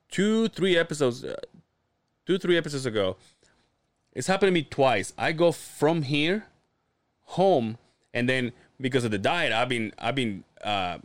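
Lively-voiced man telling a story. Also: a little high, no echo. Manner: storytelling, swearing, acting out quotes. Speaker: podcast co-host. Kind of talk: casual chat.

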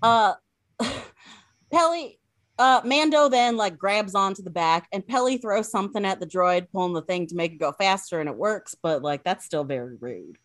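A woman's voice: mid-range voice, animated, moderate pace. A woman casually recapping an episode, chatty and full of fillers. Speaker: podcast host recapping an episode.

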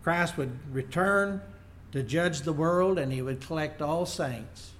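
A man's voice: on the high side, takes it slowly, fairly bright tone. A man preaching a sermon, reading Bible verses aloud and then explaining them in plain words. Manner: unpolished, working slides as he goes.

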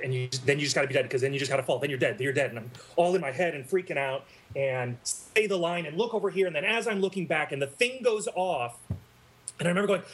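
A man, an actor guest, telling animated anecdotes in a casual interview, laughing as he goes. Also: on the high side, fast, husky. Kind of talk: casual storytelling.

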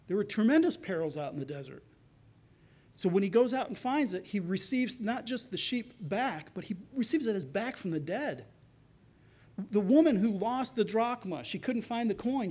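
A man with a notably high-pitched voice delivers a sermon. He talks animatedly, acting out quoted lines from the story with rising intensity before returning to explanation. The delivery feels like live preaching to a congregation. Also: darkish tone. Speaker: pastor.

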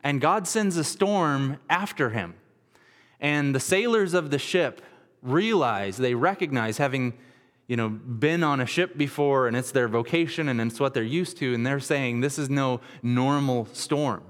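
A man's voice: mid-range voice, expressive, a little slow, fairly bright tone, in a large hall. A male pastor preaching a sermon, retelling a scripture story in a casual, storytelling way.

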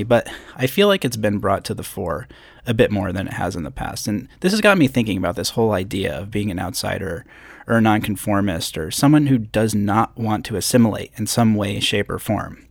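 Gravelly-voiced man hosting a solo podcast. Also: fairly low pitch, no echo, studio quality. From upstate New York. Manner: conversational, self-deprecating asides. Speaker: podcast host. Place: hotel room. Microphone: podcast microphone with pop screen.

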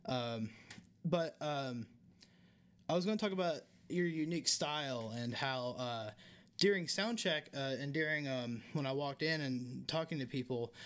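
A man's voice: medium pitch, a little slow, a bit bright, clear, resonant tone. A young man from the American South with a Southern accent, hosting a casual podcast interview and rambling with many restarts and fillers. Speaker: podcast host.

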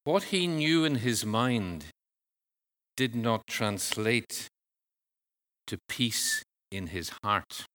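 A male preacher delivering a sermon at an unhurried, deliberate pace. His voice is bright and forward, a little low in pitch, and earnest in its measured phrasing. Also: expressive.

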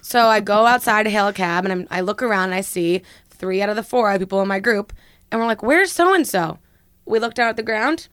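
A young woman with a slightly hoarse voice tells a wild story to her co-hosts in an animated, chatty way, full of fillers and quick asides. Her voice is close and dry, with no room sound around it. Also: medium pitch, dry recording. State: hoarse after a late night. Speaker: podcast co-host. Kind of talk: casual chat, storytelling.

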